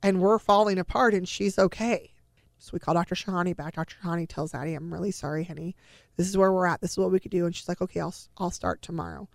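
A middle-aged woman tells a personal family story, slipping into the voices of the people she quotes. Her voice has a gravelly, fry-edged texture at an ordinary pitch. The sound is dry and close, with no room echo. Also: fast talker. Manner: emotional retelling with acted-out quoted dialogue.

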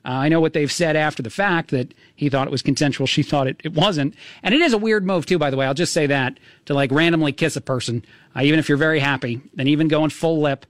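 A man hosting a talk radio show, musing out loud with many fillers and restarts. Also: on the high side, fast, no echo, studio quality. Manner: rambling, full of uh and restarts. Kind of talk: casual talk radio commentary.

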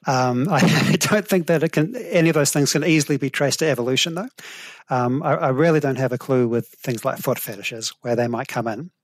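A middle-aged man with a New Zealand accent answers interview questions in a thoughtful, hedging way. His voice sits at an ordinary pitch. The sound is dry and close, with no room around it. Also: brisk, no room sound. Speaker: guest, evolutionary psychology professor. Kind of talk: explanatory interview talk.

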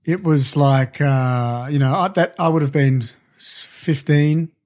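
A man's voice: on the high side, a little slow, a little mellow. A man co-hosting a casual film-review chat, trading dry quips and reflective memories. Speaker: podcast co-host.

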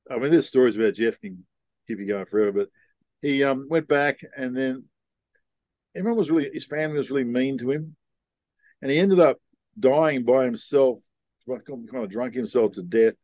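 An older man tells stories as a podcast guest, in a frank, reflective way that circles back on itself. His voice sits at a middle pitch. The sound is dry and close. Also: normal speed, pauses often, darkish tone, no echo. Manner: rambling, frank and reflective, with frequent ums and restarts. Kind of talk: casual storytelling conversation.

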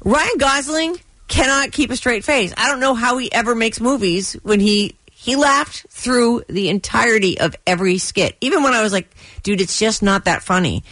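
A woman's voice: on the high side, moderate pace, few pauses, a bit bright, no room sound. A woman radio host chatting casually on air, recapping a comedy show with exasperated asides.

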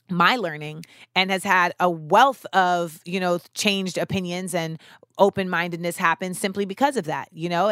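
A woman's voice: lowish voice, a bit bright, no echo. A young woman speaks as a podcast host. She talks in a reflective, earnest way and leans on "you know" and "like" as she thinks aloud. Her voice is recorded close and dry, with no room sound. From United States.

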